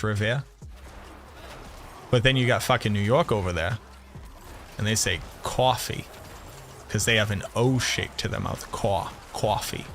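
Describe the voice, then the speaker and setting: A man with a Boston accent chatting casually on a game stream, telling animated stories and swearing freely. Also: fairly low pitch, a little hiss or hum. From Boston area, USA. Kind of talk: casual live-stream chat.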